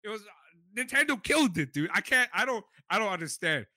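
Young man, podcast co-host, excitable, profane, very bright voice, dry sound. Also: sits high, a little fast, no echo. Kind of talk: casual podcast chat.

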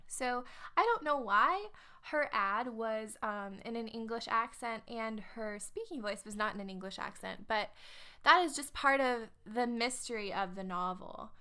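A woman's voice: a little high, a little slow, pushed and bright. A young woman co-hosting a casual book podcast, chatty and wry, with frequent fillers and asides. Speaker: podcast co-host.

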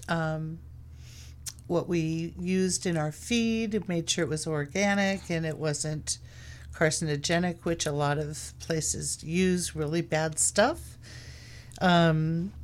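A woman guest in a casual chat who talks in a relaxed way with frequent hesitations. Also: fairly low pitch, measured pace. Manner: relaxed, hesitant, many ums.

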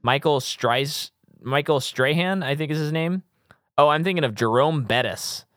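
A man's voice: fairly high pitch, moderate pace, fairly bright tone, dry recording, clean studio sound. Rambling joking man in his thirties. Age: 30s. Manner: rambling, self-correcting, joking. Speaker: podcast co-host. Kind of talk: casual movie-review chat.

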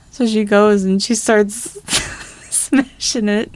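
A woman's voice: medium pitch, steady tone, measured pace, dry recording. A young woman co-hosting a podcast, telling a story in casual chat. She rambles, swears a lot and laughs between phrases. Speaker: podcast co-host.

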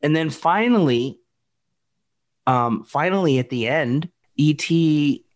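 A man's voice: a little high, slow pace. A man in his forties co-hosting a casual chat, telling stories with lots of restarts and calling his friend dude and bro. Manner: rambling, animated storytelling with frequent restarts, calls people dude and bro. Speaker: podcast co-host.

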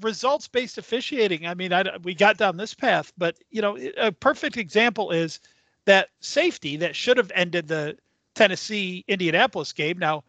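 A man's voice: sits high, normal speed, bright, forceful tone, no echo, highs cut off. A man co-hosting a sports podcast in a chatty way, laughing easily and restarting his sentences. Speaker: podcast co-host. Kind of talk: casual sports chat.

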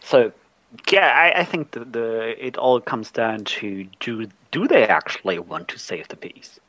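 A man with a German accent talking through tabletop game ideas in a halting way, often repeating words while he thinks. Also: mid-range voice, sing-song, fairly bright tone, no echo, low-quality recording. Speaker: panelist. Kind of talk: casual tabletop game discussion.

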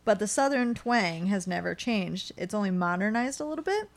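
A woman's voice: medium pitch, animated, moderate pace. Blunt, sarcastic young woman co-host. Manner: blunt, sarcastic, swears freely. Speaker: podcast co-host. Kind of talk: casual chat.

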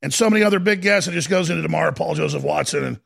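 Male talk host, bright and forceful, high-pitched fiery rant with lots of shouting and stammering. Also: racing, creaky. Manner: swings between yelling and low muttering. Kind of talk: ranting talk radio monologue.

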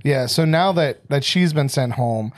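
A man's voice: medium pitch, a little slow, dry recording, clean studio sound. A man co-hosting a podcast in casual chat, rambling through stories with many fillers. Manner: rambling, filler-heavy storytelling with lots of "like". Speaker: podcast co-host.

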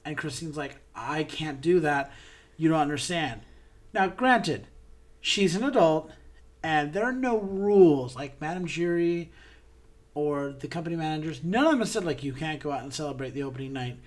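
Animated woman retelling a story. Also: deep voice, normal speed. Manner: animated, acts out characters' lines. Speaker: podcast co-host. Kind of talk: casual chat retelling a musical's plot.

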